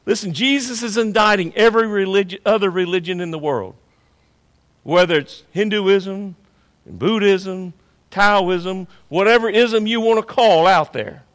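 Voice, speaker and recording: Male pastor, emphatic sermon, high voice, slow deliberate delivery. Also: big-room sound. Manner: emphatic, repetitive preaching with rising and falling intensity.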